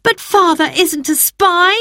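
A woman reading a storybook, voicing an anxious young girl who pleads in a high, breathy voice. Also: very animated, slow pace, no room sound, studio quality, exaggerated voice. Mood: pleading.

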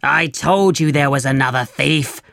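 Reader playing a commanding bandit chief in a storybook, stern and gravelly, slow. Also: mid-range voice, fairly bright tone, dry recording, clean studio sound. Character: angry commanding male leader of a band of thieves. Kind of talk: storybook reading.

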